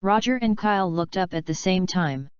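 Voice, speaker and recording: A woman reading a fanfiction audiobook aloud in a steady, even narration. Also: lowish voice, moderate pace, smooth, no room sound, highs cut off. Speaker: audiobook reader. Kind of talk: scripted narration.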